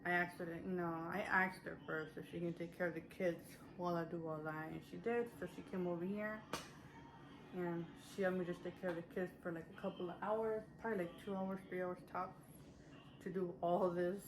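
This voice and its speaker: Over a noisy background, a woman with a low-side voice chats in a casual haul video, fairly quick and fairly even in intonation. She is a vlogger, a little out of breath, rambling with lots of fillers and restarts.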